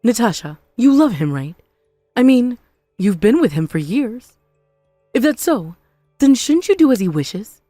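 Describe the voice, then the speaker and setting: A woman voicing a spiteful, possessive mother-in-law in an animated story, scornful and melodramatic. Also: on the high side, a little slow, pauses often, no room sound, soft background music. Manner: scornful, melodramatic, self-pitying.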